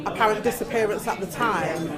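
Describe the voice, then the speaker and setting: A woman's voice: mid-range voice, brisk, loud music behind the voice. A woman in the audience chatting eagerly about a show she follows. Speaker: audience member. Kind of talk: casual chat. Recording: loud crowd around.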